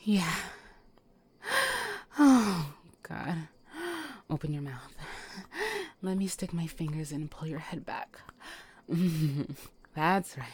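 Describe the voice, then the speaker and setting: A woman in a whispered role-play, teasing and giving commands between breathy whispers and sighs. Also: deep voice, slow pace, long pauses, a little mellow. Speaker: audio role-play performer.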